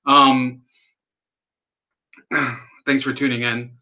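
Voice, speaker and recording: A man's voice: medium pitch, flat delivery, very slow, sharp tone. Rambling sardonic man on a lo-fi stream. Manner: rambling, sardonic, swears, reads chat aloud. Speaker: livestream host. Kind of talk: casual political livestream commentary.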